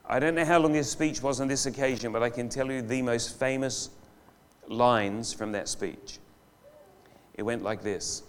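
A man preaches a live church sermon at a middle pitch. He lingers over key words, drawing them out for emphasis. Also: moderate pace, smooth. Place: church hall.

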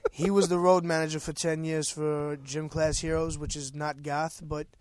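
A man with a New York accent talks in loud, profane, laughing bursts, his voice sitting a little high for a man. The sound is close and dry, with no room around it. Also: level tone, normal speed, no room sound. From United States. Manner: loud, laughing, swears freely. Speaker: rapper and guest. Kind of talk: casual profane banter.

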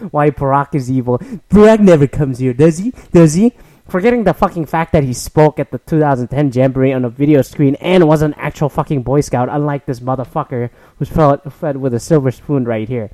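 A man's voice: a little high, dark tone, no room sound. Rambling, profane man ranting solo. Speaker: podcast host. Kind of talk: casual solo rant.

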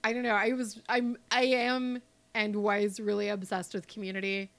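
A young woman co-hosting a podcast in casual banter, animated and sarcastic, swearing freely and slipping into mocking voices. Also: medium pitch, moderate pace. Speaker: podcast co-host.

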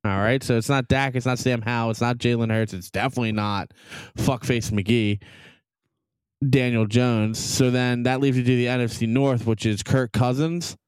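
A man's voice: medium pitch, steady tone, fairly quick, few pauses, clear, resonant tone, dry recording, studio quality. A man co-hosting a casual sports podcast, blunt and argumentative, swearing freely as he talks. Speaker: podcast co-host. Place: basement at home.

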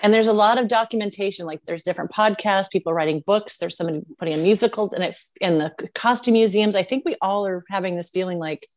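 A woman's voice: mid-range voice, fast, hardly any pauses. A woman hosting a podcast, talking reflectively and rambling, with many "like" fillers. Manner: reflective, rambling, heavy use of "like". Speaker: podcast host. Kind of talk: casual podcast interview.

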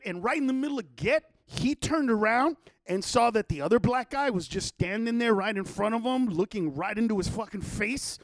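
A man's voice: high voice, expressive, moderate pace, few pauses, no echo, studio quality. A man telling a long, profane story in casual chat, acting out the quotes.

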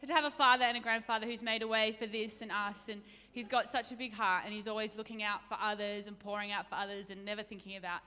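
A woman's voice: mid-range voice, steady tone, fast, few pauses, bright, forceful tone, clear, resonant tone. A woman preaching a sermon in a church, chatty and self-deprecating, laughing often. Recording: reverberant church hall.

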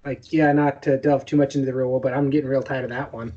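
A man's voice: mid-range voice, flat delivery, fast talker, dark tone, slightly rough, muffled recording. A man co-hosting a podcast, chatting casually with blunt, wry banter. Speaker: podcast co-host.

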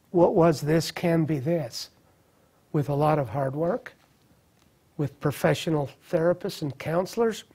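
A man's voice: medium pitch, vocal fry, dark tone, husky. A man in his thirties sharing a personal recovery testimony in an interview, earnest and reflective, often restarting his sentences. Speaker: guest sharing recovery story.

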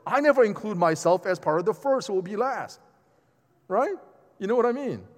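A man preaching a sermon in a lively, conversational way, with asides to the congregation. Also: high voice, a little fast. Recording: long hall reverb.

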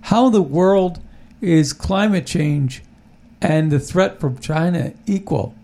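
A man's voice: fairly high pitch, slow pace, dark tone. A man hosting a talk show, chatting casually and opinionatedly about politics, rambling with many restarts. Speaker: podcast host.

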